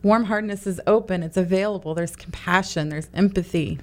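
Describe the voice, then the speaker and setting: A woman's voice: on the low side, brisk. Middle-aged woman, radio guest, earnest, explanatory, casual chat. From Italian-American family. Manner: earnest, explanatory, many "you know"s.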